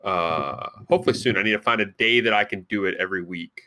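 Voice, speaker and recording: A man's voice: on the low side, quick pace, sharp tone. A man chatting on a casual podcast, rambling and hesitant with many fillers. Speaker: podcast regular and player.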